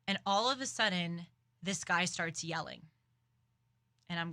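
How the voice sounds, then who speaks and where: A young woman hosting a commentary show, telling a story in an animated, dramatic, self-aware way. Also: on the low side, measured pace, no room sound, studio quality. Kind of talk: casual political commentary.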